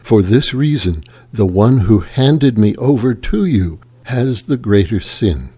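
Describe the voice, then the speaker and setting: A man reading the lines of a calm, grave male teacher facing judgment, in a low, quiet, solemn voice. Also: slow, slightly rough, full character voice.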